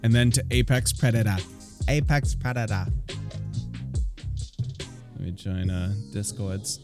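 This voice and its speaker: A man streaming a video game, giving casual running commentary with quick reactions. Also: lowish voice. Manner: casual, talks to himself while playing, quick reactions. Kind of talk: live gameplay commentary. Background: game music and sounds.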